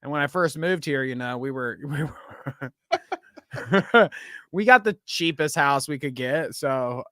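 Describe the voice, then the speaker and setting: A man's voice: fairly high pitch, a little slow, a bit bright, no echo, clean studio sound. A man hosting a casual comedy podcast, rambling and laughing between his sentences. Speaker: podcast host. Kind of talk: casual chat.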